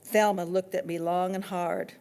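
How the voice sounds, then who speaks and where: A woman author reading from her own novel with steady, expressive storytelling. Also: medium pitch, moderate pace.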